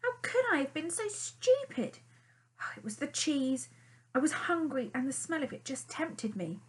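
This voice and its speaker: A woman's voice: sits high, sing-song, normal speed, pitched above the performer's own voice. A woman reading an audiobook and voicing a proud, ungrateful male fox who talks in a haughty, cross way. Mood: self-reproaching. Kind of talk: audiobook character voice.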